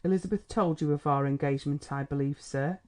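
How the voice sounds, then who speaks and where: A man's voice: a little high, a little fast, natural voice. A man reading an audiobook, voicing an earnest, self-possessed young engineer speaking to his fiancée's father.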